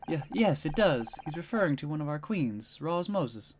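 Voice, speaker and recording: A man reads a fiery young woman detective in a game, in close to his own voice. She is sarcastic and combative, with a very animated, jumpy pitch. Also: normal speed, noisy background. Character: sharp-tongued young adult woman detective, short-tempered.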